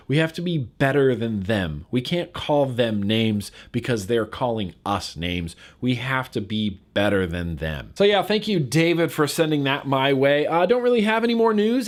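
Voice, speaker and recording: A man from California talking casually to camera in a vlog, getting fired up and repeating words for emphasis. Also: a little high. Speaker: vlogger.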